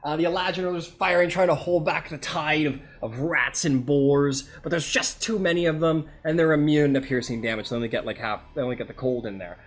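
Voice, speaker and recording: A man's voice: on the high side, fairly quick, few pauses. A man narrating a tabletop game as game master, rambling with many fillers.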